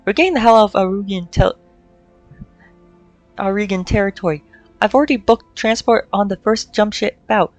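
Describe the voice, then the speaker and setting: A woman reading the lines of a steady, somber male mercenary officer aloud from a game, in a plain, level voice. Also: medium pitch, normal speed, pauses often, no room sound, faint music behind, close to an everyday voice. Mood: brisk.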